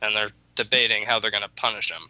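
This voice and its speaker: Brief: a low, very bright male storyteller with a halting, rambling delivery, dry sound. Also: dry recording, rough recording. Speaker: storyteller in a chat. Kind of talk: casual chat.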